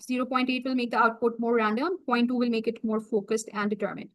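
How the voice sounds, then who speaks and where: A woman walking viewers through a software setup on a screen-share tutorial, talking through each click as she goes. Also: a little high, flat delivery, low-quality recording. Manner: slow, explanatory, talks through each click. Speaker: software trainer.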